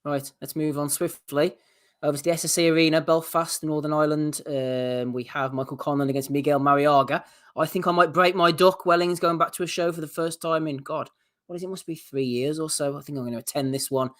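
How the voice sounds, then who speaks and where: A man with a fairly high voice hosts a boxing podcast in a wry, laid-back way. He moves the chat along into previews of upcoming fights. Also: steady tone, a little fast, fairly bright tone. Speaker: podcast host.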